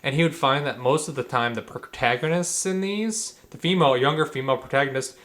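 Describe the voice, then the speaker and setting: A man's voice: medium pitch, a little fast, a bit bright. A man co-hosting a podcast, explaining at length in a casual, rambling way with many fillers and restarts. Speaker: podcast co-host. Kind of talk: casual chat.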